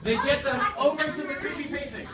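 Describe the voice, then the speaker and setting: A woman with a somewhat high voice narrates a children's story play, steering the young players and feeding them lines. She is caught from a distance in a roomy, reverberant space. Steady background noise sits under her voice. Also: brisk. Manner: guiding, prompting lines for children to repeat. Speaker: children's drama teacher. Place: rehearsal room with children. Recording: echoey room, distant mic, background noise.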